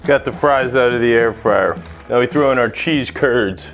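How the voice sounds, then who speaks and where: A man's voice: medium pitch, normal speed, background noise. A young American man hosting a casual cooking vlog, joking and swearing as he rambles over faint music. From United States. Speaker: cooking channel host.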